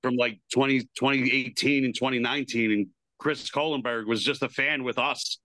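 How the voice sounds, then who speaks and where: A man's voice: medium pitch, fairly even intonation, moderate pace, sharp tone, no room sound, poor audio. A man co-hosting a podcast, chatting enthusiastically and swearing casually. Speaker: podcast co-host.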